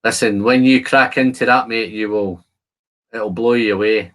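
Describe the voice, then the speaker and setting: This man's voice is lowish and a bit bright, with a steady tone and normal speed. He's a whisky channel host on a casual live stream, talking with viewers, responding to comments and describing the aromas of each whisky he tastes.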